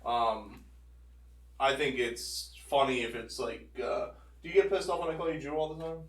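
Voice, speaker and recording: A man's voice: medium pitch, fairly even intonation, normal speed, a bit bright, roomy sound. Man co-host, hesitant and filler-heavy, mic at a distance. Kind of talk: casual chat.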